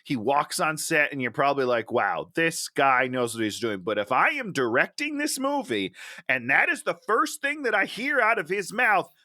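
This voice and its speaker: A bright-voiced man rants about a movie with lively swings in pitch and plenty of sarcasm. He drops into little acted-out quotes now and then. The sound is close and dry. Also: moderate pace, no echo. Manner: animated, sarcastic, acts out quotes. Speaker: podcast co-host. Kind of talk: casual movie review chat.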